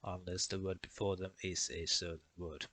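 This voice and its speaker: A man's voice: low voice, flat delivery, normal speed, bright, forceful tone, dry recording. A man narrating a language lesson as a voice-over, going through pronunciation rules methodically and listing one example after another. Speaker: language explainer.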